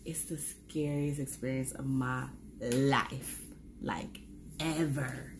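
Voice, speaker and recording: Animated New York woman telling a storytime. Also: background noise. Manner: animated, acts out her own reactions in high squeals; slangy, talks in quick bursts. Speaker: vlogger. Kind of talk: casual storytime.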